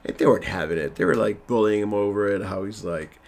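Deep-voiced man rambling through a recap. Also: quick pace, vocal fry, a little mellow. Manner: rambling, self-deprecating, loose with fillers. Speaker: TV episode recapper.

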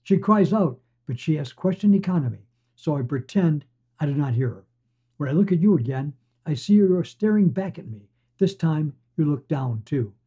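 A man hosting a podcast and reading fiction aloud in a steady storytelling voice. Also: on the high side, normal speed, husky. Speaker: podcast host and reader. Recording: dull lo-fi recording.

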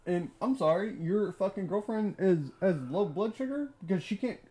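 A man, co-host of a podcast, telling a story in casual chat, ranting and swearing with animated emphasis. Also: high-pitched, moderate pace.

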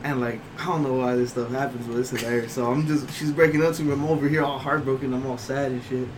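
Casting: young guy, mid-pitched, loose story-time chat over a noisy room. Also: steady tone, fast talker. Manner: rambling, laughs through his story. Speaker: storyteller among friends. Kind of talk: casual chat.

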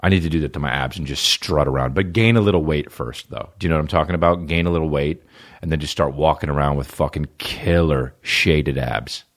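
A man's voice: extremely low pitch, brisk. A young man hosting a podcast, riffing profanely in casual comedic chat and jumping into silly voices. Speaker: podcast host.

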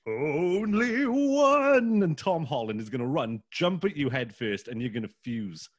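A man's voice: mid-range voice, lively intonation, brisk, a little mellow, husky, dry recording, studio quality. A man trading sweary quips as a guest in casual podcast banter.

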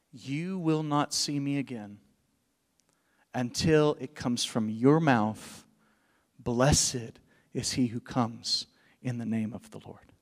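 A male pastor preaching with passion, his voice sitting in a middle register. He swings between loud, emphatic lines and quiet, hushed ones. The sound carries a long reverb from a large hall. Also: mid-range voice. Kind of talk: sermon.

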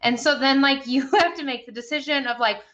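A woman's voice: sits high, a little fast, fairly bright tone, lo-fi sound. A woman in her thirties chatting candidly about a parenting book, swearing freely. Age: 30s. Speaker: podcast co-host discussing a book. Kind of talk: casual book-club chat.

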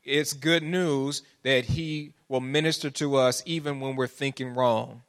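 Here a pastor preaches at a slightly slow pace, his medium-pitched voice fairly even in intonation. Questions draw his listeners in as he builds toward pleading emphasis, mixing in call-and-response asides along the way.

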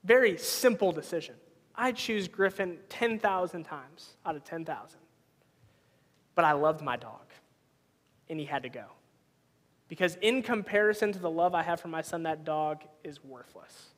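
A man's voice: a little high, animated, normal speed, a bit bright, in a large hall. A man in his thirties preaching a sermon as a pastor, conversational and telling personal stories. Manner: conversational, storytelling with personal anecdotes.

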